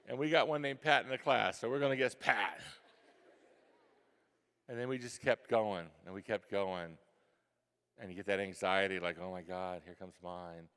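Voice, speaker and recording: Brief: lower-voiced man, lively storyteller at a school event, long hall reverb. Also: moderate pace, long pauses, clean tone. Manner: animated storyteller, acting out his younger self with gasps and whispers. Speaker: guest author speaking to a school. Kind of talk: storytelling talk to students.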